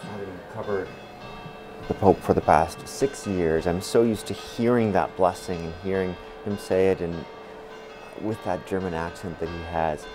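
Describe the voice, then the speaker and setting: A man's voice: sits low, steady tone, a little slow, music in the background. A man, a reporter, gives thoughtful live commentary with frequent restarts.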